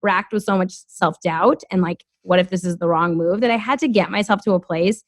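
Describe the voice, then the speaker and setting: A woman's voice: fairly low pitch, a little fast, dry recording. Chatty woman, dry close sound. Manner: chatty, heavy use of "like", animated storytelling. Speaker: podcast guest. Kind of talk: casual interview chat.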